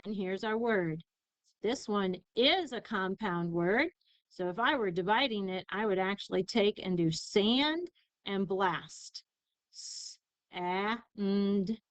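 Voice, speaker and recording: A woman teacher giving a recorded spelling lesson, sounding out syllables slowly and carefully. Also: medium pitch, animated, no room sound, low-quality recording. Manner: slow, careful enunciation of syllables.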